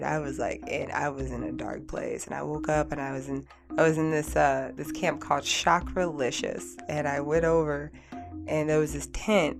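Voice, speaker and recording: A woman's voice: sits low, creaky. A woman hosting a spiritual radio talk show, earnestly telling a personal story in a heartfelt, repetitive way, with music playing behind her.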